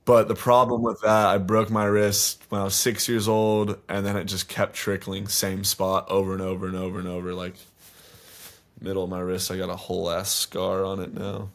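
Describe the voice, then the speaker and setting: Brief: twenties guy guesting on a studio podcast, low voice, loose profane storytelling. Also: completely flat delivery, normal speed. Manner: rambling, swear-heavy storytelling. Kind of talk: casual podcast interview.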